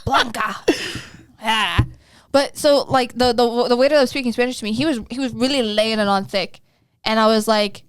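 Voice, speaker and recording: A woman's voice: on the high side, normal speed, clean tone, dry recording. A young woman co-hosting a podcast, telling stories in a chatty, giggly way with many restarts. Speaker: podcast co-host. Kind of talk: casual chat.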